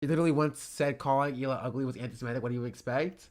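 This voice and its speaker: A man's voice: mid-range voice, steady tone, rapid-fire, few pauses. A man streaming, reacting in disbelief and repeating the same phrases over and over. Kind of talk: livestream reaction commentary.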